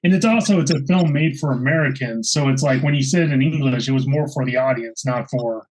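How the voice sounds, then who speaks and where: A man's voice: medium pitch, brisk, darkish tone, rough recording. A man on a movie club panel, joking and teasing the others in a casual chat. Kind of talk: casual group chat about a film.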